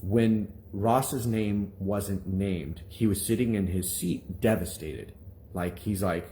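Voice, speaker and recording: Young minister, low voice, lively storyteller who acts out the people he quotes. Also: slow, a little hiss or hum. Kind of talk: testimony to viewers.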